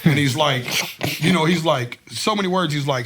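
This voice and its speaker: A man with a husky, breathy voice that sits high and swings widely up and down. He talks casually and profanely, leaning into each story with plenty of energy. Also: animated, a little fast, fairly bright tone. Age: adult, married. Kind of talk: casual chat.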